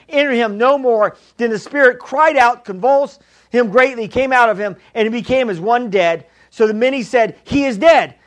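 Preaching a sermon in church, a pastor with a strikingly high voice speaks emphatically. He repeats his key lines and calls out to the congregation.

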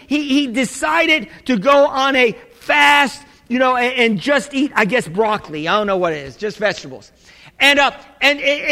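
A male pastor preaching a sermon in an animated, humorous way, calling out to his congregation. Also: very high-pitched. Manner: animated, humorous preaching with audience call-and-response. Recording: echoey hall.

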